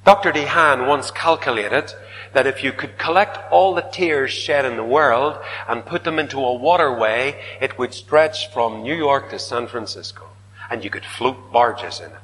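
Preacher guy, dramatic sermon, goes big then hushed, long echoey hall sound. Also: medium pitch, moderate pace, a little hiss or hum. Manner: dramatic, swinging from loud declaiming to hushed whispers. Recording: reverberant hall.

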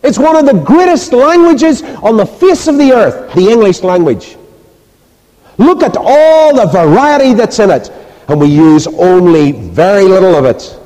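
A man preaches with emphatic, rhetorical force and sinks soft and low in prayer. His voice sits somewhat high but sounds mellow and dark rather than bright. Long reverb from a large hall trails each phrase. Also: sing-song, a little slow. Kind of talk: sermon and closing prayer.

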